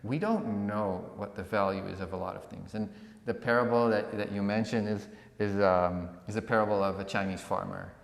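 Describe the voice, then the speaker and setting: A man co-hosting a podcast, telling a parable in a relaxed conversational way and acting out the villagers' lines. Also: lowish voice, moderate pace, creaky. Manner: animated storyteller who acts out villagers. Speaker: podcast co-host. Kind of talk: conversational storytelling. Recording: echoey room with long reverb.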